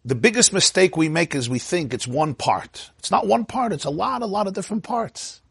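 A man giving an informal Torah lecture in a lively, joking way, acting out inner voices. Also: high voice, normal speed, vocal fry, husky, no room sound. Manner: animated, acts out inner voices, laughs at own jokes. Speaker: Torah class teacher.

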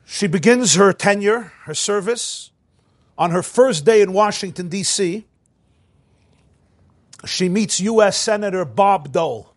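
Slightly high-voiced man telling a story. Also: a little slow, long pauses, no echo. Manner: animated, acts out quoted dialogue with emphasis. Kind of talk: storytelling lecture.

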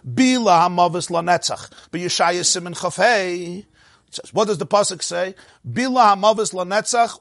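A man teaching a Torah class, animated, asking rhetorical questions and answering them himself, with a lively rise and fall and frequent laughs. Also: high voice, no room sound, studio quality.

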